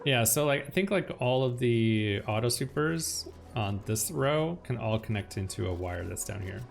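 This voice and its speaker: A man talks through his gameplay in a relaxed, chatty way, his voice leaping up and down as he goes. There is a gravelly rasp under his words, and music plays behind him. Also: medium pitch, moderate pace. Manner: chatty, swings between calm planning and loud alarm. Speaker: let's play host. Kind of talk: casual gameplay commentary.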